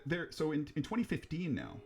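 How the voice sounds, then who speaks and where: A man's voice: fairly high pitch, wildly swooping pitch, fairly quick, faint music behind. A man co-hosting a podcast, telling ghost stories in casual, rambling chat, joking, swearing and laughing at his own jokes. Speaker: podcast co-host.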